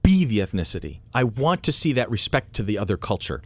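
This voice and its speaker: A man co-hosting a casual group chat, animated, often circling back and restarting his thoughts mid-sentence. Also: lowish voice, brisk.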